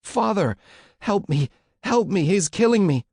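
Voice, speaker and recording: A man's voice: high voice, expressive, measured pace, a little mellow, husky, dry recording, clean studio sound, voice pushed up, exaggerated voice. A man voicing a terrified teenage boy prisoner who pleads and rambles desperately, in an audiobook. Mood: screaming terror.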